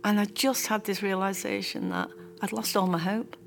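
A woman giving an emotional personal testimony, halting and tearful at times. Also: mid-range voice, fairly even intonation, creaky. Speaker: interviewee sharing her story.

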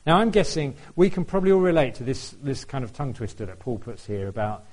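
Man, preaching, conversational, asks questions, laughs at times, mid-pitched voice. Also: very animated, fast talker, a little mellow, poor audio. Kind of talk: sermon.

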